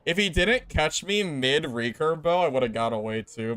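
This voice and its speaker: A young man commenting casually while playing a game, swinging between loud laughing disbelief and low exasperated muttering. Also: normal speed, few pauses. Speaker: game streamer.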